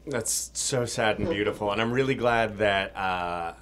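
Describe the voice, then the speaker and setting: A man being interviewed as a voice actor, talking fast and excitedly, laughing often and acting out quotes. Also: lowish voice. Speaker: voice actor guest. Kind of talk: casual interview chat. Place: convention room.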